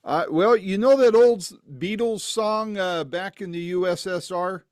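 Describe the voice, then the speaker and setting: A high-pitched man speaking at a measured pace hosts a podcast from his East Tennessee home setup. He opens with a warm, folksy intro and promo asides before interviewing his guest, and the audio is studio quality with no echo.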